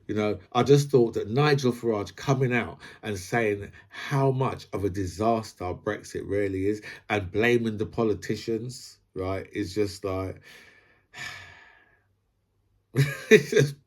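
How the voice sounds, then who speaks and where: A man's voice: on the low side, takes it slowly. A man hosts a casual commentary vlog. He rambles and builds his points through analogies, peppering his talk with "right?" and "you know". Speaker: host.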